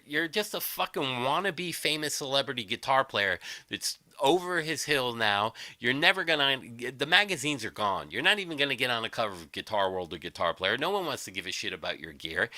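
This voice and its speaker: Sharp-voiced man in a profane rant. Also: mid-range voice, dry recording. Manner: combative, heavy swearing, sarcastic. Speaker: livestream host.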